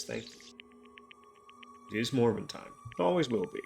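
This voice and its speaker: A man's voice: fairly low pitch, animated, normal speed, vocal fry. A man streaming a visual novel, reading out all the characters' lines and chatting casually with his viewers between scenes. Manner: reads every character's lines himself, then breaks into loose swearing chat. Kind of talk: reading game dialogue aloud while streaming. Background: game music.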